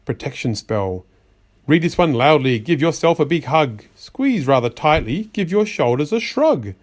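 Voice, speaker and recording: A man reading a rhyming storybook aloud, giving slow, measured spell instructions. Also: on the high side, very animated. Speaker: storybook reader.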